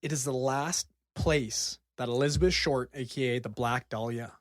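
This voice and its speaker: A young man co-hosting a casual podcast, an excitable storyteller who laughs a lot and jokes around. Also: medium pitch, normal speed, no room sound, studio quality. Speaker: podcast co-host. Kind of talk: casual chat.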